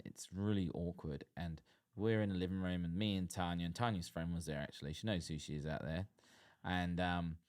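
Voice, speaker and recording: A man telling rambling anecdotes about old housemates in a casual podcast chat, with fillers and laughs along the way. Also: low-pitched. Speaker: guest.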